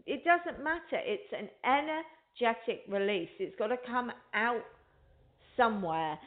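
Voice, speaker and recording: Woman host on a tinny phone line. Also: a little high. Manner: chatty and rambling, addresses listeners directly. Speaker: radio show host. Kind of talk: spiritual talk show monologue.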